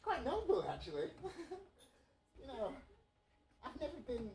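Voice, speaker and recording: A woman voicing a swooning, lovesick male emperor in a comedic audio play, breathy, giggly and flirtatious. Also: sits high, sing-song, a little slow, echoey room, background noise.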